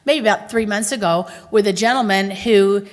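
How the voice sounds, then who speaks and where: A woman's voice: medium pitch, normal speed. Chatty Texan woman in a big hall. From Texas. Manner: chatty, animated storytelling with audience questions. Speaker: conference speaker. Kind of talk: conference talk. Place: large conference hall. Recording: reverberant hall.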